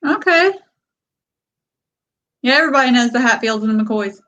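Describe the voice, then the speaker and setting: Southern-accented woman, somewhat high voice. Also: normal speed, rough recording. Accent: Southern US, Kentucky. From Texas-born, raised by Kentucky family. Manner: plainspoken, calm, lets out small laughs. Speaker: guest, gun-rights advocate. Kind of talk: casual interview conversation.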